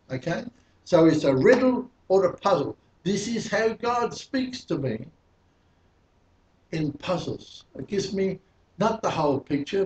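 A man's voice: sits high, highs cut off. Man preaching in an echoey hall. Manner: teaching Bible verse by verse, asking the congregation questions. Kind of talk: sermon teaching. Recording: echoey hall, mic at a distance.

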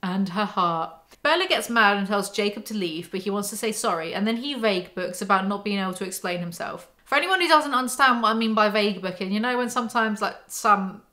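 Woman ranting about a book, bright tense voice, sarcastic and snarky. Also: medium pitch, brisk. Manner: sarcastic, mocking asides. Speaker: book commentary YouTuber. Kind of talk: casual snarky book recap.

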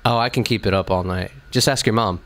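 A man's voice: fairly low pitch, fast talker, a bit bright. A young man chatting casually on a podcast, joking, defensive and swearing freely. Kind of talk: casual chat.

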